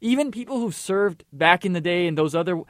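A man's voice: high-pitched, animated, brisk, dry recording. A young man co-hosting casual talk radio in a studio booth, earnest and emphatic. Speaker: co-host.

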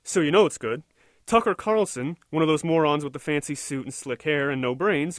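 A man with a notably high voice, delivering a sarcastic and indignant rant that rambles and restarts mid-sentence. The sound is close and dry. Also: very animated, moderate pace, no room sound. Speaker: political commentator. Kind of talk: opinion rant monologue.

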